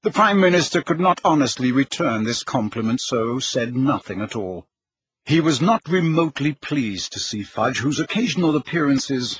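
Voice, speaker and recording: A man narrating an audiobook in a measured, even storytelling manner. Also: mid-range voice, husky, no room sound, muffled recording. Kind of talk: scripted narration.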